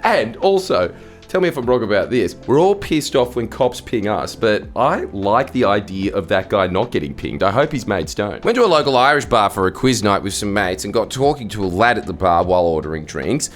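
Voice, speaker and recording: A man with an Australian accent hosts the video, reading out stories and reacting with sarcastic jokes, sometimes jumping into loud squeaky outbursts. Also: expressive, fairly quick, soft background music.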